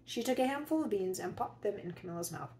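A woman teacher reading a children's picture book aloud, expressively, and pausing to ask her young listeners questions. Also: mid-range voice, expressive, warm tone, slight background noise, low-quality recording. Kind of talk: children's read-aloud storytelling.

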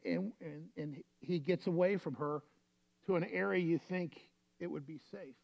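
A man's voice: on the high side, normal speed, gravelly. Lo-fi man preaching a sermon. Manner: storytelling, conversational preaching. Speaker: pastor.

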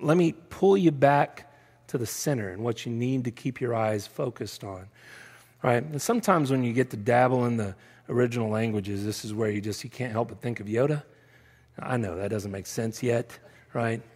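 A male Texan pastor preaches in a relaxed, conversational way, checking in with the congregation and slipping in playful asides. His voice has a gravelly edge. The sound rings with the long reverb of a church hall. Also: medium pitch, moderate pace. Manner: conversational preaching, often adding "right?"; self-described nerdy, playful asides. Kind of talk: sermon. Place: church sanctuary.

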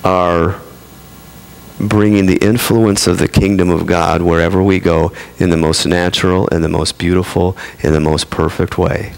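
A man's voice: low voice, flat delivery, moderate pace, vocal fry. A man preaching a sermon in a conversational way, with playful asides to his congregation. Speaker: pastor.

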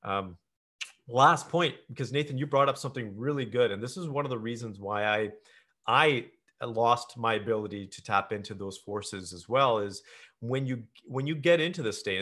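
A man's voice: mid-range voice, fairly bright tone. A man hosting a podcast in a casual conversation, earnestly advising his listeners directly. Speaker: podcast host.

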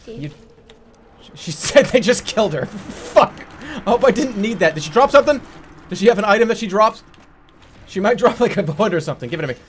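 A man commenting as he plays a video game, swearing, laughing and yelling in frustration. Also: high-pitched, lively intonation, a little fast, long pauses, breathy edge. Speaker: gaming streamer. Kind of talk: let's play commentary.

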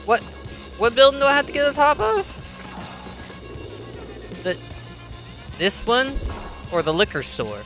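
A man giving excitable gameplay commentary, swearing and breaking into sudden yells. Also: very high-pitched, measured pace, long pauses, faint music behind. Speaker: gamer.

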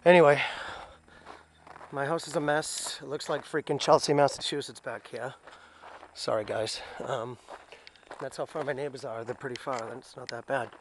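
A man's voice: mid-range voice, fairly even intonation, moderate pace. A man casually vlogging around his home and yard, rambling and swearing, then apologizing for it. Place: outdoors at home, yard with dogs. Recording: noisy outdoor camera audio with dogs.

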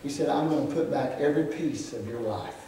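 A man preaching a sermon, building to emphatic shouts and dropping to quiet asides, with cries of "well, glory". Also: fairly quick, a little hiss or hum. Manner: emphatic preaching that swells into shouts, then drops low. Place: church sanctuary. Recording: echoey sanctuary, far from the mic, congregation audible. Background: congregation calling out amens.

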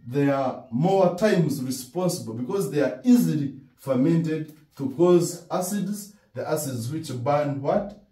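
In a classroom lecture on dentistry, a man speaks Ugandan-accented English slowly and mellowly, his pitch a little on the high side. Expressive, he often poses questions and answers them himself, stressing key words through repetition. He is captured from a distance in an echoey room.

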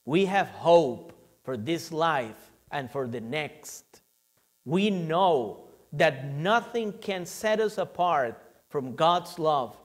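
A man reading a solemn reflection and prayer in a church, delivering it in measured, short phrases. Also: fairly high pitch.

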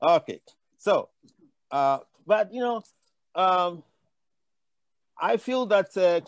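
A man's voice: sits high, expressive, slow, no room sound, lo-fi sound. An older man from Africa speaking on a conference panel, telling impassioned, rambling stories with frequent restarts. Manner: impassioned, digressive storytelling with many restarts.

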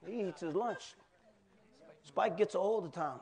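A pastor preaching a sermon in a loose, colloquial way, with asides and questions to the congregation. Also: male voice, high-pitched, a little slow, creaky, a little mellow.

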